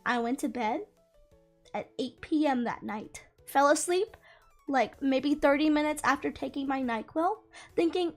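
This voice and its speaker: Young woman vlogger, high voice, chatty storytime to the camera, faint music behind. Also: unhurried. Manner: chatty and animated, laughing through the story. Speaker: YouTuber. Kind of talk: casual storytime chat to camera. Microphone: camera mic, close to the camera.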